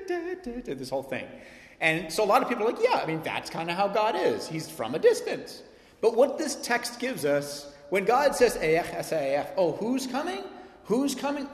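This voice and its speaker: Animated preacher in an echoing hall. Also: male voice, fairly high pitch. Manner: animated, emphatic preaching with sudden loud peaks and soft drops. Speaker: pastor. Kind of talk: sermon. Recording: echoey hall sound.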